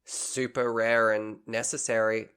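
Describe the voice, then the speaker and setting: A man's voice: on the low side, little pitch movement, unhurried, fairly bright tone, clear, resonant tone. An Australian man co-hosting a podcast, chatting casually and rambling with frequent self-corrections. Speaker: podcast co-host.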